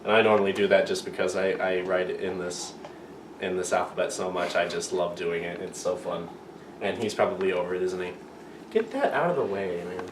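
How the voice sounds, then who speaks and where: Speaking fairly quickly at a normal pitch, a man leads a playful, off-track lesson full of self-mockery for his amateur video. The mic sits well away from him in a reverberant room, with a faint hiss underneath.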